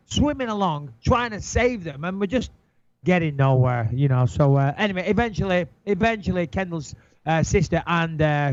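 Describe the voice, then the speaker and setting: A middle-aged man telling an animated, swearing anecdote in casual chat, acting out his own panic. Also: fairly high pitch, no echo. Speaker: guest storyteller. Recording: dull lo-fi sound, dry.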